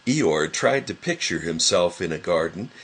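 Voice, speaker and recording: A man narrating a children's read-along storybook in a lively, expressive way. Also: sits low, normal speed, husky.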